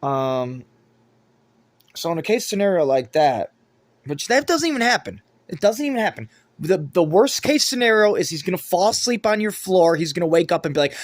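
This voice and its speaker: A man's voice: high-pitched, expressive, moderate pace, no room sound. A man giving a rambling, profanity-laden monologue to camera as a vlogger.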